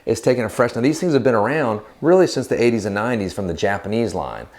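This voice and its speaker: Um homem apresentando um vídeo de demonstração de guitarras numa loja, falando em tom de brincadeira e cheio de piadas rápidas. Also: male voice, fairly low pitch, expressive, a little mellow. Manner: goofy, jokey, quick asides. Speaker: guitar shop video host. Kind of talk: joking banter in a gear demo.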